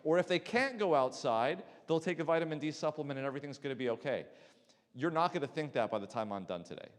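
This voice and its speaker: Talking fast in a fairly high, expressive voice, a middle-aged man who works as a sleep specialist gives a conversational lecture to a church audience, asking the room questions. The setting is a lecture hall with long reverb, and his handheld mic is swapped partway through.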